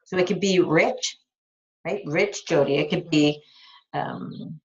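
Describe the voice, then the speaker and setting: A woman's voice: deep voice, takes it slowly. A woman life coach on a live call, talking frankly and enthusiastically with casual swearing. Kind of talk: live coaching call, answering a listener's question. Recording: dull lo-fi recording.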